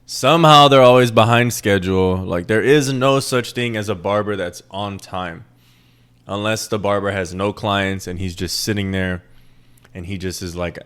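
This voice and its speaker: A man's voice: on the low side, moderate pace, fairly bright tone, clear, resonant tone. A young man from a Puerto Rican family raised in New York, ranting in a rambling, profane, joking way as a podcast host. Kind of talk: casual monologue.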